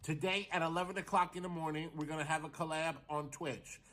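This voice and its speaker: High bright-voiced man chatting to viewers. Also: fairly even intonation. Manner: chatty, drawn-out, addresses viewers directly. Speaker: vlogger. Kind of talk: casual vlog announcement.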